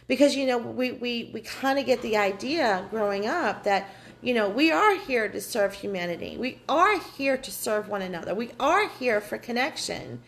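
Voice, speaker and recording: A woman's voice: fairly high pitch, expressive, normal speed, creaky, few pauses, fairly bright tone, low-quality recording. Earnest woman leading a spiritual workshop. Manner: earnest, candid, swears freely, repeats phrases. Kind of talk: live online workshop talk.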